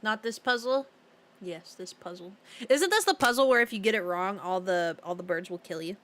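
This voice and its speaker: Bright, giggly young woman streaming a game. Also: medium pitch, expressive, moderate pace. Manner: chatty, giggly, easily sidetracked, reads chat aloud. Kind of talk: casual live-stream chat while playing.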